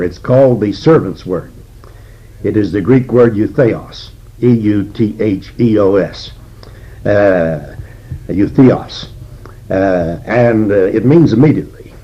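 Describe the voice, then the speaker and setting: Older male Bible teacher, husky and unhurried, deliberate sermon delivery on a dull lo-fi recording. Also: fairly low pitch. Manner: slow and deliberate, with frequent "uh" pauses. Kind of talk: expository sermon.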